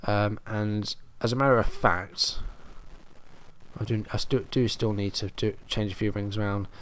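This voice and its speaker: A man's voice: lowish voice, level tone, measured pace, slight background noise. A man casually commenting on his own football management game, muttering play-by-play and growing exasperated as his team struggles. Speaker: gaming commentator.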